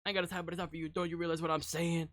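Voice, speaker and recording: A man casually talking through a live-stream reaction, teasing his viewers, laughing and jumping suddenly from quiet to loud. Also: a little high, little pitch movement, rapid-fire, no room sound. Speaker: streamer reacting to music videos.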